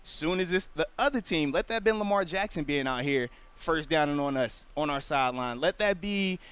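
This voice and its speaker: A man with a notably high voice talks sports as a former pro player. He is earnest and explanatory, and dips low and quiet when he drives a point home. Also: animated, normal speed, smooth, no echo. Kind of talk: casual sports radio chat.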